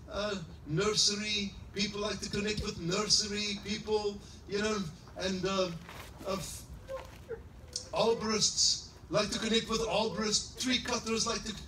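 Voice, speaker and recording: A middle-aged man preaching a sermon as pastor, fiery at times and rising into shouted, sing-song exclamations. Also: sits high, slight background noise. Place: church service in a large greenhouse hall. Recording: echoey hall, mic at a distance.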